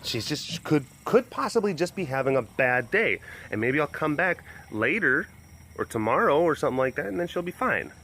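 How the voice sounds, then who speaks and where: A man's voice: a little high, big pitch swings, fairly quick, a bit bright. A man who looks after big cats, chatting casually to camera in a rambling way with many restarts. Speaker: big cat caretaker. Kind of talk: casual vlog chat.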